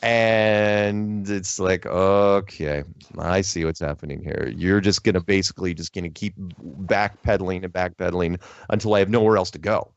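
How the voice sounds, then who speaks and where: A man chatting casually, telling an animated story that is full of restarts and quoted lines. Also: low voice, quick pace, vocal fry, few pauses, no echo. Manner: animated storytelling, quoting others, many restarts. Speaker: podcast host. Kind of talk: casual chat. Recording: dull lo-fi audio.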